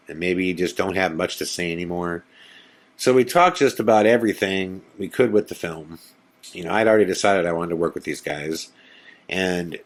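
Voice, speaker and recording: A male podcast host retelling a spooky personal story in a casual, animated way, acting out his own and his friends' lines, with lots of fillers. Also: deep voice. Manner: animated retelling with quoted dialogue, many fillers.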